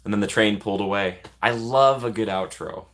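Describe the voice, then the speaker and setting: Young male vlogger, casual and rambling, low pitch but bright tone, quick to laugh at himself. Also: slight background noise. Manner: rambling, self-deprecating, laughs often. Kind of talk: casual chat.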